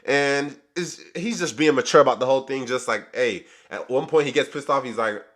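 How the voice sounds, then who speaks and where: A man's voice: mid-range voice, fairly quick, fairly bright tone. A man hosting his own channel, giving a casual, rambling review of a reality show full of slang. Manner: rambling, chatty retelling with slang.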